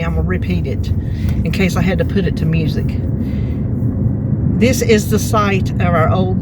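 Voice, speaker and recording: Chatty Southern woman on a noisy street. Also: on the low side. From North Carolina, US. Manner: chatty, folksy, rambling, talks to viewers as y'all. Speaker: vlogger. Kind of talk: casual walking tour chat. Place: outdoors on town streets, windy. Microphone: handheld phone. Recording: loud street and traffic noise. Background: cars and city traffic.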